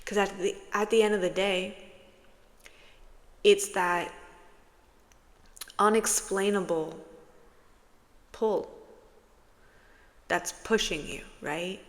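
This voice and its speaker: A woman giving a casual, playful spiritual message as a channeler, soothing and warm in her words, with bursts of laughter. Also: mid-range voice, long reverb tail.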